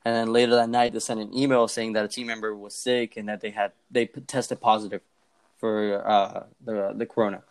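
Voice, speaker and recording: Young male podcast co-host, rapid casual storyteller, profane, mimics others. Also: fairly low pitch, flat delivery, clear, resonant tone. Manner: fast, profane, acts out quoted voices.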